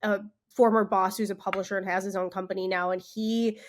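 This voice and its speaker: A woman's voice: medium pitch, flat delivery, brisk. A woman, a magazine owner, talking as a guest in a casual interview, chatty and upbeat, laughing easily.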